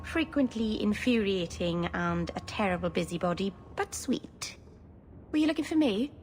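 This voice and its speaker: An actress playing a sweet, nervous young elf mage in a game, rambling earnestly and putting herself down. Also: female voice, mid-range voice, expressive, normal speed, a little mellow, a little hiss or hum, close to an everyday voice. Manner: earnest, self-deprecating rambling.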